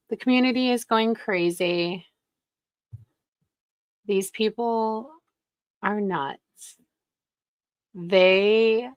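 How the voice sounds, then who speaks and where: Slow-talking sarcastic woman. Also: mid-range voice, fairly bright tone, no echo. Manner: sarcastic, gossipy. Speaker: commentary channel host. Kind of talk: casual commentary.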